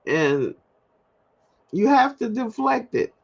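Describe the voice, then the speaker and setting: A woman hosts a solo livestream from home, confiding in her viewers in an unhurried, chatty monologue and often laughing at herself. Her voice sits high, and the stream audio comes through dull and lo-fi. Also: very animated, vocal fry, breathy edge. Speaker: livestream host.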